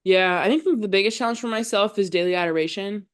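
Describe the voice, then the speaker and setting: A woman's voice: mid-range voice, fast, clean tone. A young adult woman, a podcast guest, talking earnestly about her faith in casual conversation and often saying "like.". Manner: earnest, heavy use of "like". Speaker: podcast guest, college volleyball player.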